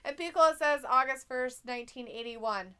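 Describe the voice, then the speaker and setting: Woman, around forty, live-stream co-host, bright high voice, giggly, swears a lot. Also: lively intonation, moderate pace, clean tone. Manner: giggly, swears often, reads chat messages aloud. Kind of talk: casual live-stream commentary.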